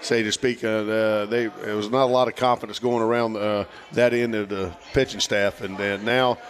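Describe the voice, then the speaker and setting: A man, a former pitcher, talking casually about baseball in a halting way full of fillers. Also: little pitch movement. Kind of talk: casual baseball podcast chat.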